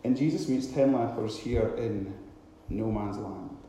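A man preaching a sermon with dramatic delivery, now and then acting out loud shouted cries. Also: lowish voice, measured pace, a little hiss or hum. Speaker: pastor. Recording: very echoey hall.

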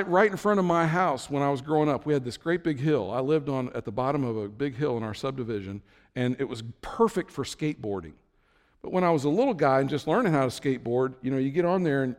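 A man preaching a sermon, telling the story with lively swings from low, quiet asides to high, excited bursts. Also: long reverb tail. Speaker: pastor.

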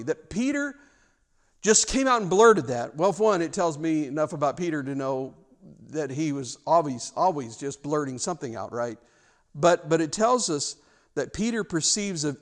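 A male pastor with a higher-than-usual voice delivers his sermon in an easy, conversational way. He stumbles over and repeats words, then lifts into strong bursts of emphasis. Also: animated, normal speed.

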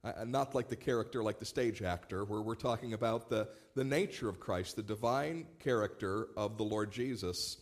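A man, a pastor, preaching a sermon in a relaxed, storytelling way with light humor. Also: on the low side, normal speed, hardly any pauses. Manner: conversational storytelling with warm humor.

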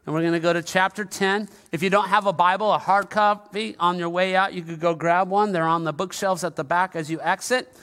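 A man's voice: high-pitched, steady tone, brisk, few pauses, a bit bright. A male pastor preaching a sermon in a conversational, humorous style, with asides to the congregation in a large church. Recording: long reverb of a large hall.

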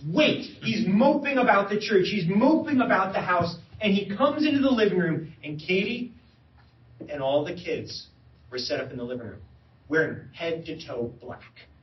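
A man's voice: high-pitched, expressive, normal speed. A man sharing a testimony at a men's breakfast, in an earnest way, often repeating words as he searches for them. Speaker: lay speaker. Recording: roomy hall, distant mic, dull sound.

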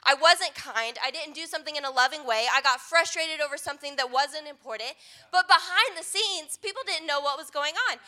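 A woman's voice: sits high, a little fast, pushed and bright. A young adult woman pastor giving an earnest, conversational sermon.

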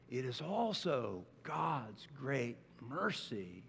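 A male pastor delivering a sermon, animated and expressive, sometimes acting out incredulous reactions. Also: medium pitch, slow pace, long pauses, big-room sound.

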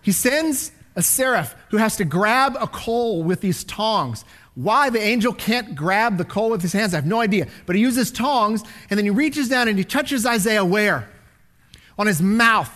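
A man with a high voice preaches a dramatic sermon. He swings from loud, ringing declarations down to near-whispers as he reads and explains scripture. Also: expressive, moderate pace. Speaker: pastor.

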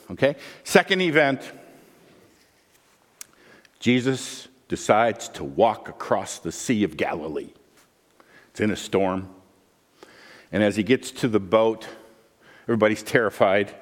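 A man preaching a sermon as pastor, animated and humorous, acting out the voices he quotes. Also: fairly low pitch, unhurried, pauses often, big-room sound.

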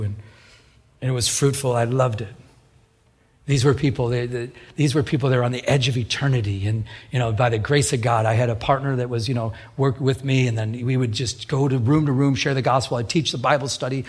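A man's voice: mid-range voice, breathy edge. A middle-aged man preaching a radio sermon, telling personal stories in a conversational way. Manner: conversational storytelling preacher, acts out quoted voices. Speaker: pastor.

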